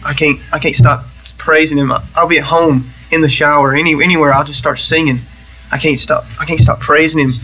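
A man giving a personal testimony in church, earnest and halting, with many restarts. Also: fairly high pitch, level tone, sharp tone, rough recording.

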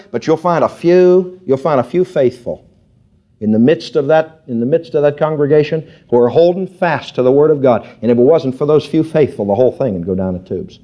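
A man's voice: mid-range voice, expressive, a little fast, warm tone. A man preaching a sermon as pastor, rising and pressing hard on key phrases. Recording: dull lo-fi sound.

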